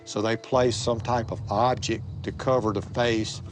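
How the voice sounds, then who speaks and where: A man, a police detective, recounting a crime scene in a measured, clinical interview manner. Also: fairly low pitch, steady tone. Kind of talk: interview recollection. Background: music.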